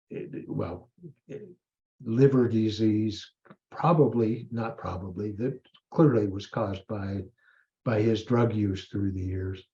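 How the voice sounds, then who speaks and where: An older man in his seventies speaks slowly and thoughtfully as an interview guest, pausing and correcting himself as he reflects. His voice is mellow and warm, heard over a dull, lo-fi remote line. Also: lowish voice. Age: 70s. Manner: slow and thoughtful, halting with pauses and self-corrections. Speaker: guest, priest and retired army colonel.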